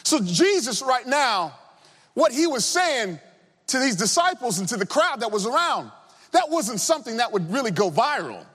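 A man preaching a sermon as pastor, impassioned, dropping his voice low for emphasis and rising again. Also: very animated, moderate pace, a bit bright, slightly rough, long reverb tail.

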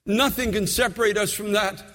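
A man's voice: high-pitched, steady tone, normal speed, fairly bright tone. Older man preaching in a reverberant hall. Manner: earnest, personal storytelling preaching. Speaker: pastor. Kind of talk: sermon.

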